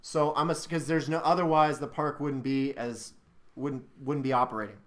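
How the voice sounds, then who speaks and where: A man's voice: medium pitch, steady tone, moderate pace, a bit bright. A young man hosting a casual film review chat, ranting with exasperated anger and plenty of swearing. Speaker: channel host reviewing a film.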